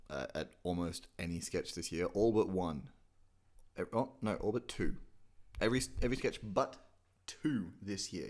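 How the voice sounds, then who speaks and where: A man hosting a casual comedic impressions tutorial, rambling, self-mocking and swearing freely. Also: deep voice. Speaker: channel host teaching impressions.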